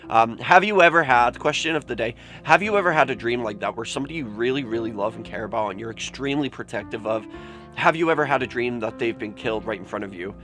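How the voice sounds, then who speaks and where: A man's voice: medium pitch, expressive, fast, fairly bright tone, soft background music. A young man vlogging, telling a personal story candidly and emotionally, swearing often and saying "like" a lot. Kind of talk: confessional vlog storytelling.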